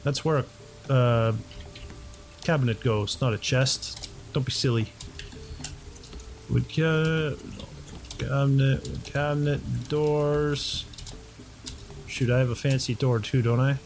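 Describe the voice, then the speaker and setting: A man's voice: mid-range voice, fairly even intonation, slow pace, long pauses. Chatty man thinking aloud over gameplay. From North America. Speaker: let's play host. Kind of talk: casual gameplay commentary.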